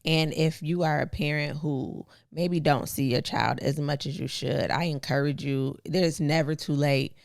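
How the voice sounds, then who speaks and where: A woman's voice: deep voice, fairly even intonation, measured pace, vocal fry, hardly any pauses, dry recording, clean studio sound. A woman co-hosting a podcast in casual chat, speaking in an earnest, encouraging way. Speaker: podcast co-host.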